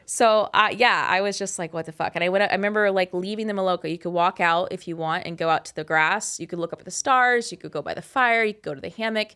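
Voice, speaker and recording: A woman in her thirties telling a personal story in a casual, animated, candid way, with frequent swearing. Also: on the low side, quick pace, few pauses, smooth. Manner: animated, candid and profane, with many "like" fillers. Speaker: host.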